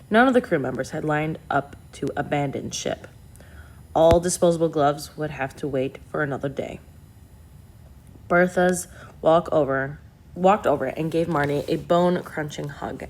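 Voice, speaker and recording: A woman reads a novel aloud in steady, plain narration. Her voice is low and gravelly. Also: unhurried, a little hiss or hum. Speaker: audiobook reader.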